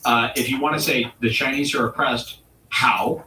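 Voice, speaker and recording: A man hosting a comedy show and delivering a provocative, mock-serious rant with dramatic pauses. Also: medium pitch, steady tone, bright, forceful tone, a little hiss or hum. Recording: roomy echo, distant mic.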